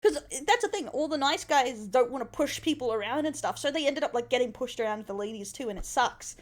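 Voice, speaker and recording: A woman with an Australian accent, chatting loosely as a streamer, with frequent swearing and quick laughter. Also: high-pitched, expressive. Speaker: streamer reacting to a video. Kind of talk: casual chat.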